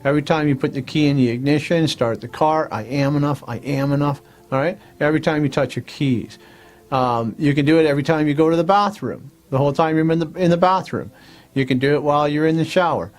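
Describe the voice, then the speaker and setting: A man's voice: fairly high pitch, quick pace. A man hosting a self-help show, coaxing listeners through affirmations and often checking in with "all right?". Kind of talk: motivational talk to camera.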